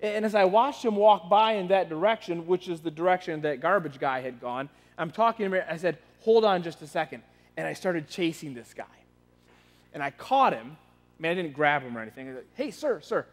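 A man telling a story from the pulpit, his voice high for a man and relaxed, often stumbling and restarting mid-phrase. The sound carries a long reverb, as if the sermon fills a large hall. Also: brisk. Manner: conversational, frequent restarts and repeated words. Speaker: pastor.

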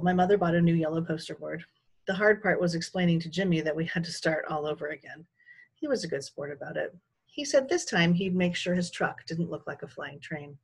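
A woman teacher reading a children's novel aloud in an unhurried, expressive way. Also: lowish voice, husky.

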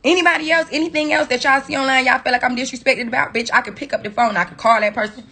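A woman's voice: high voice, fairly even intonation, fast, sharp tone. A woman on a phone livestream, delivering a profane, confrontational scolding rant at her viewers. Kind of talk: angry rant on a social media livestream.

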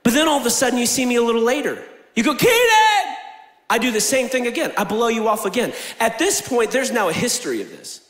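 A young man preaching in a large church, joking with the crowd and then proclaiming loudly, swinging between booming declarations and quiet asides. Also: big pitch swings, fast talker, few pauses. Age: young adult. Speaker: pastor. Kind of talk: energetic sermon with jokes. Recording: echoey church hall.

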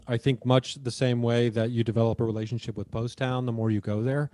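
A man's voice: mid-range voice, fairly quick, no room sound. Laid-back man hosting a podcast. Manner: relaxed, thoughtful, laughs easily. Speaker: podcast host. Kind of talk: casual conversational chat.

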